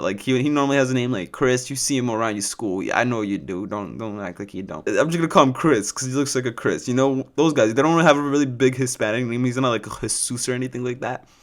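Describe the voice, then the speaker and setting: A man's voice: medium pitch, fairly bright tone. Give me a rambling, profane young man from California telling a story. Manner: rambling and profane, full of "like" fillers. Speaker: vlogger. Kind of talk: casual storytime vlog.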